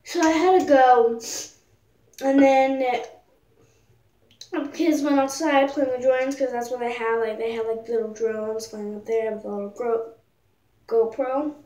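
High-voiced teen girl rambling in an echoey room. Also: steady tone, measured pace, long pauses, warm tone, recorded from a distance. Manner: rambling, filler-heavy, jokey. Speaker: vlogger. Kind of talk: casual storytime chat. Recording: echoey room, voice a bit off-mic.

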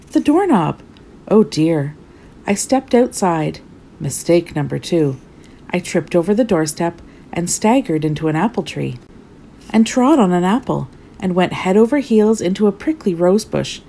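A woman reading a storybook as a clumsy, cheerful male character, telling his own tale of mishaps in a lively, rueful way. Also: fairly low pitch.

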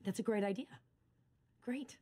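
A woman's voice: mid-range voice, moderate pace, darkish tone, a little hiss or hum, lightly acted. An actress playing an eager, chirpy, overbearing mother in a sitcom. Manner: chirpy and pushy.

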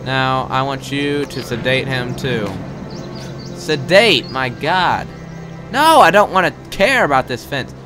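A young man giving live gameplay commentary. He is excitable and swears a lot, swinging between loud outbursts and muttered asides. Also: mid-range voice, slow, over music.

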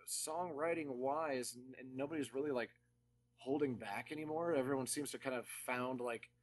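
Laughing animated man chatting. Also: mid-range voice. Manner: animated, laughing, quick asides. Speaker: band member guest. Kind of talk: casual podcast chat.

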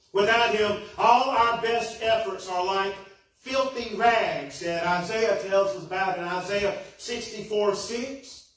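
Pastor, male, earnest preacher, high voice, caught far off in a reverberant sanctuary. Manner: earnest, rising and falling preaching. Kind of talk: sermon. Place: church sanctuary.

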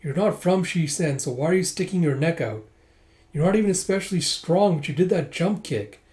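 A spirited young noblewoman, proud and quick to take offence, read aloud by a man. She protests indignantly, a touch higher and livelier than a plain speaking voice. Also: animated, a little mellow, natural voice. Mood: puzzled.

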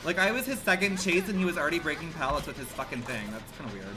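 A man streaming a game live, reacting in an animated, exclamatory way with slangy, profane banter. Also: a little high, fast talker. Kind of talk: live gaming commentary.

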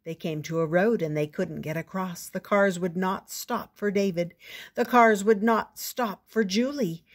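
A woman's voice: medium pitch, measured pace. Older woman reading a picture book aloud. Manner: expressive, playful storytelling. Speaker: storyteller.

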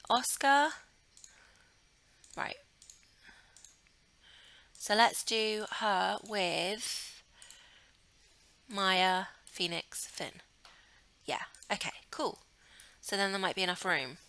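A young woman talks over her gameplay at a desk mic in a bright, crisp voice. She chatters freely, giggles often and gushes over everything on screen. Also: mid-range voice, very slow, pauses often. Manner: chatty, giggly, gushing with excitement. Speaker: gaming channel host. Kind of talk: casual let's play commentary.

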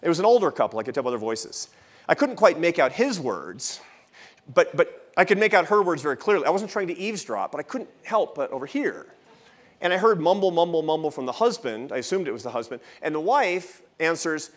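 A man in his fifties gives a conversational keynote at a festival, his voice sitting a little higher than most men's. He tells a personal story from the stage and drops in wry asides. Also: very animated, a little fast. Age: 50s. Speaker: think-tank president giving a festival talk. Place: large event hall with an audience.

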